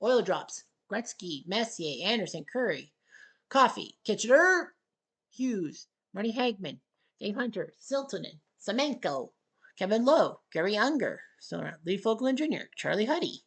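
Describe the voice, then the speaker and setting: A woman calls play-by-play on a table hockey game, shouting excited goal calls and tossing sarcastic asides to viewers. Her mid-range voice is slightly rough and a little slow.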